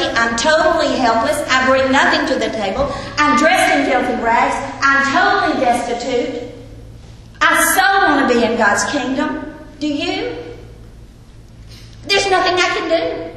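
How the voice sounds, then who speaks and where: A woman's voice: high-pitched, bright, forceful tone, slight background noise. A woman teaching a Bible lesson to a group, earnest and putting questions to her listeners. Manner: earnest, asks the audience questions. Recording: echoey hall with long reverb, faint ambience.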